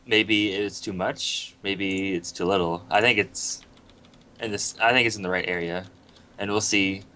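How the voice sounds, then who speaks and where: Low, bright-toned hesitant male guest. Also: a little slow, a little hiss or hum. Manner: relaxed, hesitant, lots of fillers. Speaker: guest player. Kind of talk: casual panel chat.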